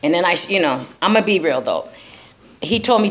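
A woman's voice: fairly low pitch, big pitch swings, takes it slowly, long pauses, fairly bright tone, slight background noise. A middle-aged woman speaking bluntly to a group about recovery, swearing freely and laughing often. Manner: profane, laughing, streetwise. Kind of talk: blunt personal talk to a group.

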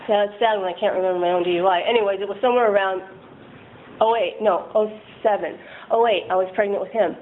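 A woman's voice: medium pitch, fairly even intonation, a little fast. A woman candidly sharing a rambling, self-deprecating personal recovery story, laughing often. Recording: tinny phone-like line with faint noise.

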